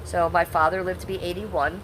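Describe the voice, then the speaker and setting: Over a noisy background, a woman in her fifties casually streams, reading the chat aloud in a lowish voice with flat delivery at a moderate pace. She responds bluntly, combatively swearing at hecklers.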